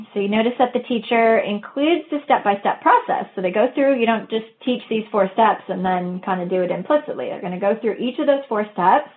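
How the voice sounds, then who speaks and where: A woman presenting an educational webinar, explaining step by step and modeling teacher talk in a methodical way. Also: medium pitch. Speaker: webinar presenter on reading instruction. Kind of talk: explanatory lecture. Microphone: webinar audio. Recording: tinny phone-like audio.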